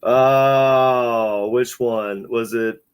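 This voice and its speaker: A man co-hosting a paranormal podcast in relaxed chat. He jokes around, teases the guest and laughs easily. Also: mid-range voice, clean tone. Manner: joking, quick to laugh. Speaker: podcast co-host. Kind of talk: casual chat.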